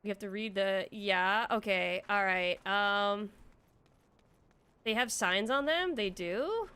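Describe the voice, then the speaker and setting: A young woman giving casual commentary while she plays an online game. She is excitable, swears freely and thinks aloud as she goes. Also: medium pitch, takes it slowly, smooth. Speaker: streamer playing an online game.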